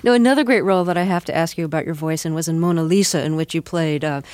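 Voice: medium pitch, rapid-fire, a little mellow, no echo. An interviewer asking an actor about his work, admiring and stumbling over repeated words. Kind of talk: interview questions.

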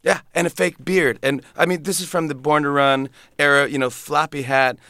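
A man, a comedian, telling a lively story in an interview and acting out other people's voices. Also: fairly high pitch, normal speed, dry recording, studio quality. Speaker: comedian guest.

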